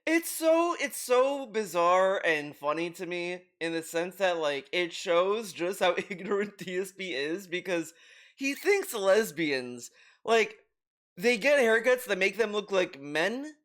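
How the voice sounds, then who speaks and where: A man with a high voice reacts to a video with commentary. He rants in an exasperated way, stumbling over restarts and swearing freely. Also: lively intonation, unhurried, a bit bright. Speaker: commentary youtuber.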